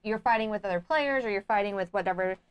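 A woman's voice: medium pitch, fast, clean tone, lo-fi sound. A woman co-hosting a crowdfunding review show, chatting casually and eagerly about games. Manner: enthusiastic and excitable. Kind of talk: casual chat.

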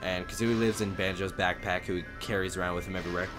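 A man hosting a let's play, commentating in an energetic, rambling, laughing way. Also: low-pitched, quick pace, over music. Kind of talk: game commentary.

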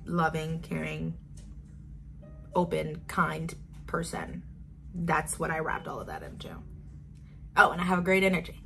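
A woman's voice: on the low side, fairly bright tone, a little hiss or hum. An eighteen-year-old woman chatting casually in a get-to-know-me vlog, bubbly and wandering off on tangents. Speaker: vlogger.

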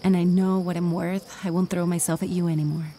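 A stern village doctor, as a woman plays her in a dubbed film drama, lecturing and coaxing by turns. Her voice is low and mellow, with faint noise behind it. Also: little pitch movement, brisk, close to an everyday voice. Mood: flirtatious.

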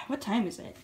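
A woman voicing a dim, cheerful male dinosaur in a homemade toy-figure video, with slow, rambling speech. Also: heavy background noise. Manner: slow, rambling, easily distracted.

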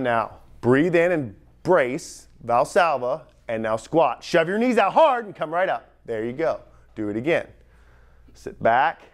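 A young man coaching lifters on a gym platform, energetic and talking straight to the group, recorded on a camera mic as he moves around. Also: a little high. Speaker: strength coach. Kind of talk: live coaching demonstration. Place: gym platform at a lifting camp.

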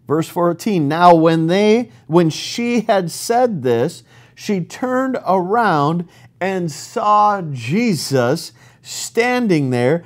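A man preaching a sermon in a somewhat high voice, taking his time over each phrase. He reads scripture aloud and speaks with earnest emphasis, leaning on the words that matter most to him. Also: lively intonation, slow pace. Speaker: pastor.

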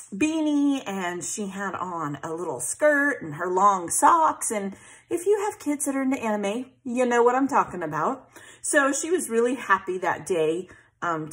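Woman chatting while she scrapbooks, kinda high voice, rambly and self-deprecating, lots of ums. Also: a bit bright, low-quality recording. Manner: chatty, self-deprecating, thinks aloud with fillers. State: hiccups. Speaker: scrapbooking vlogger. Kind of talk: casual craft tutorial chat.

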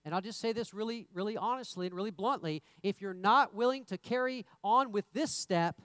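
A man's voice: sits high, fairly quick, fairly bright tone, clean tone, dry recording. A man preaching a sermon in a church in a conversational way, often repeating words and rising into emphatic bursts. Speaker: pastor. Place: church sanctuary.

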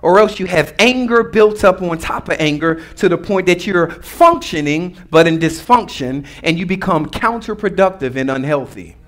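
A pastor with a notably high voice for a man delivers a sermon in a loose, conversational way. He mixes teaching with humor and draws call-and-response from the congregation. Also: expressive, normal speed, few pauses, a bit bright.

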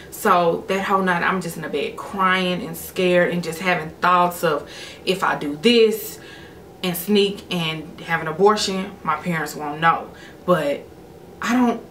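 A woman's voice: medium pitch, a bit bright, a little hiss or hum. A woman in her thirties, a vlogger telling a personal story in a candid, emotional way.

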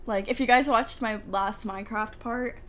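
A young woman, a gaming YouTuber, casually commentates a life-sim game from a room at home with the window open, chatting, giggling, and talking to her characters. Her voice sits on the high side with fairly even intonation, a moderate pace, and a fairly bright tone. Faint outdoor ambience drifts in behind her.

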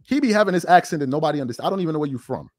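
A man talks in a mid-pitched, animated voice, blunt and mocking as he lays out his opinions. The sound is dry and close, with no room around it. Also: rapid-fire, no echo. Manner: mocking, blunt, joking insults. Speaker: online commentator. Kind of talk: opinion commentary video.

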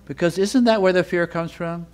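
A man teaching a sermon with feeling, building up with repeated phrases and reading scripture in a slower, lower voice. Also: fairly even intonation, a little mellow. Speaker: Bible teacher.

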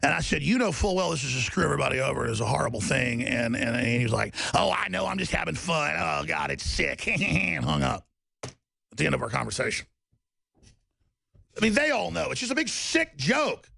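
A man's voice: mid-range voice, big pitch swings, fairly quick, vocal fry, pushed and bright, a little hiss or hum. A man hosting a talk radio show, ranting in a mocking, sarcastic, heated monologue.

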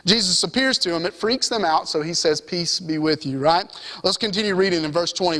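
A man's voice: sits high, fairly quick, sharp tone, long reverb tail. A young man with a Southern US accent preaching an evening sermon, reading scripture and keeping it conversational with the congregation. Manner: conversational, keeps asking "right?" of the congregation. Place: church sanctuary.

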